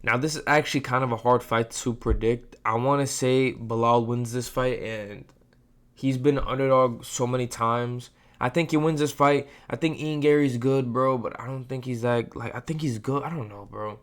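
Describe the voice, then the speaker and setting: A man's voice: medium pitch, fairly even intonation, moderate pace. Slangy, rambling man talking fight picks. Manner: slangy, rambling, says "bro" a lot. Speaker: host of fight prediction channel. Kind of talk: casual sports predictions talk.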